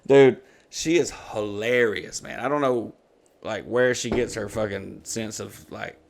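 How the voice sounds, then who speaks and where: A man's voice: on the low side, measured pace, gravelly, a little hiss or hum. Profane man telling a story. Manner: profane, animated retelling with put-on quotes. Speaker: podcast host. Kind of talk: casual storytelling chat.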